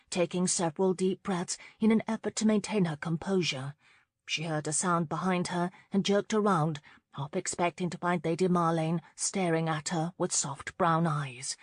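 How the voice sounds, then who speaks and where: Low-voiced woman narrating a romance. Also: no echo, studio quality. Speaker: audiobook narrator. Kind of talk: scripted narration.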